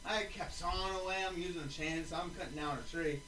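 A man's voice: fairly high pitch, fairly even intonation, quick pace, pushed and bright, roomy sound, far from the mic, slight background noise, low-quality recording. A man telling a rambling story in casual chat as a podcast co-host, swearing freely.

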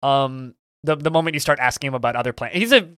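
A man's voice: mid-range voice, fast talker, a bit bright, clear, resonant tone, no room sound, studio quality. A man co-hosting a podcast, chatting casually and enthusiastically about video games, rambling with frequent stammered restarts. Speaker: podcast co-host.

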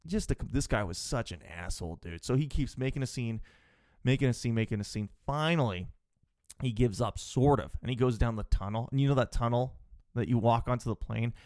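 A man rambles through a story on his podcast, exasperated and swearing freely. His voice sits at an ordinary pitch. The sound is dry and close, with no room echo. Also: a little fast, a little mellow. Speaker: podcast host. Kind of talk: casual storytelling monologue.

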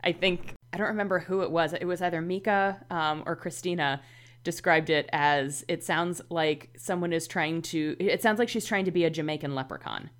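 Chatty woman with a lowish voice. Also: moderate pace. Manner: chatty, rambling with many fillers. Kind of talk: casual chat about books.

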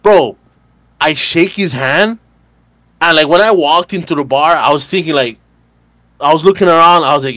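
A man's voice: a little high, moderate pace, long pauses, a bit bright, no echo. A man in his twenties, a podcast co-host, telling a bar story in casual chat, rambling and swearing, full of fillers. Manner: rambling, profane, filler-heavy retelling with laughs.

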